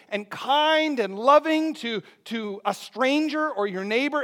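A man's voice: high voice, a bit bright. A man preaching a sermon in a conversational way, asking the congregation rhetorical questions. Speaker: pastor.

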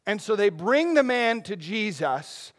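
A pastor preaching an expository sermon in a conversational, animated way, with frequent asides to the congregation. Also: male voice, sits high, a little slow.

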